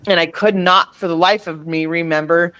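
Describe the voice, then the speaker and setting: A woman's voice: lowish voice, fairly even intonation, a bit bright, smooth. A woman tells stories from her life in a loose, rambling flow. She often stops mid-sentence, starts over and slips in small laughs as she searches for the right words. The recording sounds dull and lo-fi. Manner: rambling, halting, with many restarts and self-corrections; laughs between phrases. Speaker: host. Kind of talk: casual personal storytelling.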